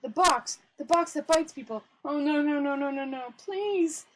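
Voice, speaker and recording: A woman's voice: high voice, expressive, moderate pace, husky. A woman voicing a terrified male city guard in a storybook reading, pleading frantically. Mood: panicked.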